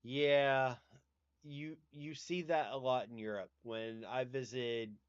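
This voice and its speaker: A man's voice: mid-range voice, steady tone, takes it slowly, smooth, no echo, highs cut off. A man with a Southern US accent, hosting a livestream in casual, rambling chat and swearing casually. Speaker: livestream host.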